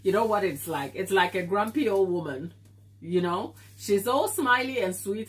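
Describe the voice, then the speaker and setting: A woman's voice: medium pitch, normal speed. A woman with a stuffy nose hosting a live baking stream from her kitchen, chatting casually with viewers and laughing often. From Africa. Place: home kitchen.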